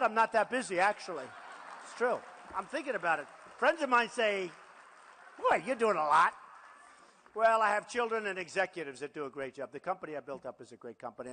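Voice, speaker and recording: A man in his sixties speaks at a campaign rally with a raised, fairly high pitch for a man. He boasts, repeats himself and turns to the crowd with offhand asides. His voice rings out with a long reverb in a big hall. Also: pushed and bright. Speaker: political candidate.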